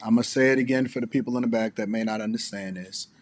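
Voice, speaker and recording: A man's voice: on the low side, fairly even intonation, fast talker, a little mellow. A man hosting a commentary show, speaking in a blunt, emphatic and repetitive way. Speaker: host.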